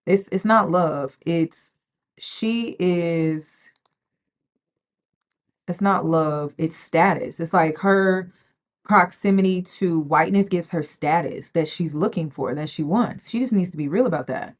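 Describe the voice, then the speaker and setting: A woman's voice: lowish voice, takes it slowly. A woman hosting a reaction video, giving casual, sassy commentary straight to her viewers. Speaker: commentary host.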